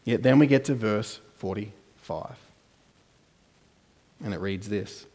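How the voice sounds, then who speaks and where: Speaking slowly and pausing often, a male pastor delivers his sermon in a church hall with long, echoing reverb. His tone swings dramatically between soft, low asides and loud, emphatic lines.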